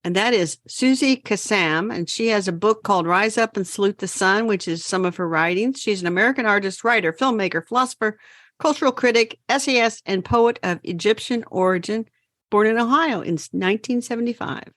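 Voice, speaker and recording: A woman's voice: medium pitch, a bit bright, no room sound, studio quality. A woman co-hosting a gardening podcast, chatting casually and running through her week's garden chores. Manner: chatty, brisk gardening updates. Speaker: podcast co-host. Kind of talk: casual chat.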